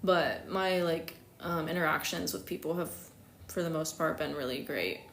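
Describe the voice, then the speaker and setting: A woman's voice: moderate pace, gravelly. Chatty, giggly young woman in echoey room. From United States. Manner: chatty and giggly, many fillers, acts out quotes with big pitch jumps. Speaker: astrologer hosting a live stream. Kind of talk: casual live-stream chat. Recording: echoey room, faint hiss.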